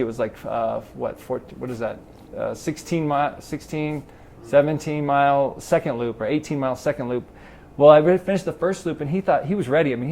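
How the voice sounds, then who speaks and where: A man's voice: medium pitch, a little hiss or hum. A middle-aged man from Los Angeles, a triathlon club president, telling stories in a casual interview and acting out the dialogue. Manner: animated storyteller acting out quoted dialogue. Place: garage.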